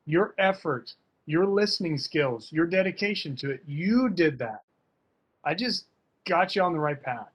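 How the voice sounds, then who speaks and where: A man's voice: a little high, lively intonation, measured pace. A man talking casually and emphatically as a fencing coach in an online workshop, full of slang. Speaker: fencing coach and guest speaker.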